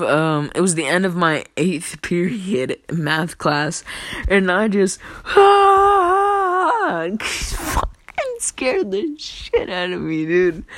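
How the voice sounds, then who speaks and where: A young adult vlogger telling a rambling, profane story in casual talk, often laughing and swinging from hushed to loud. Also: medium pitch, no room sound.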